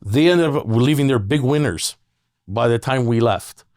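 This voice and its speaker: A man's voice: medium pitch, moderate pace, a little mellow, no room sound, studio quality. A man telling rambling, profane stories in a casual podcast chat, laughing often. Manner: rambling storyteller, swears a lot, laughs often.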